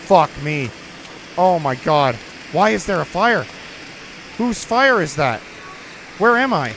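A man's voice: a little high, expressive, takes it slowly, long pauses, a bit bright, a little hiss or hum. A young man hosting a gaming video, giving jumpy, swearing let's play commentary while talking to himself and his viewers. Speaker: gaming channel host.

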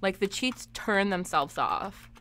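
A woman's voice: mid-range voice, expressive, takes it slowly, a bit bright. A young woman chatting through a live game stream, giggling often and reacting to her chat. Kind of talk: live gameplay commentary.

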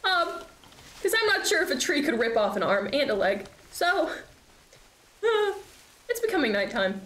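Young woman streamer, high voice, chatty, swears a lot, echoey room, faint hiss. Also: very animated, moderate pace, pauses often, a bit bright. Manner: chatty, swears a lot, reacts with nervous laughs. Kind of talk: live game commentary.

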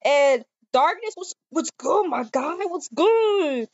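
An excitable young woman with a very high, bouncy voice, giggling and chattering at characters as she plays a game with a friend. The sound is muffled and lo-fi, yet dry and close, with no room around her. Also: takes it slowly, dry recording. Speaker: gamer playing with a friend. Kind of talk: casual gameplay chatter.

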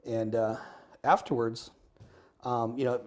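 Middle-aged guy, ex-firefighter guest, warm low-key tone, tells stories animated and chatty. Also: takes it slowly. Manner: animated, acts out dialogue while telling stories. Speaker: guest, former firefighter and business owner. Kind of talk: casual interview storytelling. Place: Arizona.

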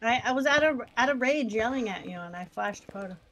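A woman's voice: on the high side, expressive, fast, fairly bright tone, slight background noise, rough recording. A woman in her forties on a stream's voice chat, sassy and dismissive as she banters. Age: 40s. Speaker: co-player on stream. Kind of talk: casual voice chat.

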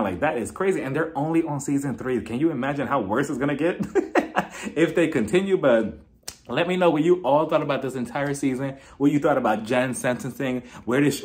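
A young man casually reviewing a reality show episode on his vlog, gossipy and quick to laugh, often slipping into impressions of the cast. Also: medium pitch. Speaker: TV recap reviewer.

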